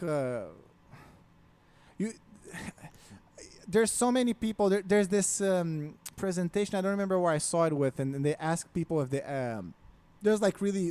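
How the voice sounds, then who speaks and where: A man on a podcast, ranting casually with a lot of swearing. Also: a little high. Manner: profane, ranting, animated.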